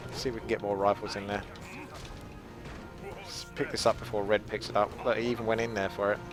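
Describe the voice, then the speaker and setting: A man's voice: fairly low pitch, level tone, fast. A British man commenting on his game in a casual, cheeky and rambling stream chat, swearing freely. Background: game music.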